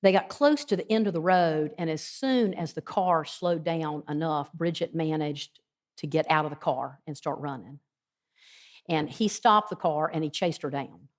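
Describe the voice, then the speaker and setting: A woman with a somewhat low voice earnestly retells a testimony at a women's Bible study. Her storytelling is unhurried and loose, dotted with ums and small restarts. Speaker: guest speaker.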